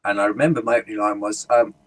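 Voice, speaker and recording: Husky British man telling funny stories. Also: lowish voice, very fast, rough recording. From United Kingdom. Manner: animated anecdote-telling, puts on voices in quotes. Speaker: guest speaker and humorist. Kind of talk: casual storytelling interview.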